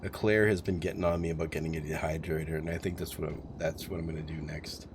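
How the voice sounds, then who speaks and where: A man's voice: a bass voice, little pitch movement, quick pace, background noise. A man in his forties telling a rambling, profane story on a live stream, chuckling as he goes. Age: 40s.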